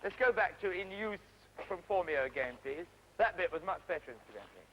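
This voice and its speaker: A man with a rather high voice runs an outdoor play rehearsal, briskly stopping his actors to fix pronunciation and staging. The sound is a dull old archive tape with a faint hiss underneath. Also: lively intonation. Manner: brisk, instructive, stops and corrects actors. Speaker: drama teacher directing a rehearsal. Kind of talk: rehearsal direction. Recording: dull, faintly noisy 1970s archive recording.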